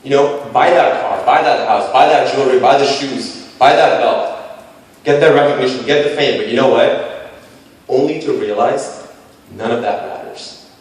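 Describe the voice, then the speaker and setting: A man in his late twenties telling a personal story to a panel, animated and self-deprecating, with punchy repeated phrases. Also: medium pitch, normal speed. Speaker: speaker pitching to a panel. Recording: echoey hall, voice from far off.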